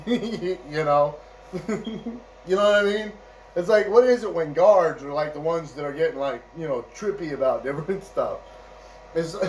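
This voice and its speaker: A man's voice: a little high, a little mellow, recorded from a distance, slight background noise, poor audio. A man telling a casual, rambling anecdote, chuckling often and checking in with "right?" and "you know". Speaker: storyteller.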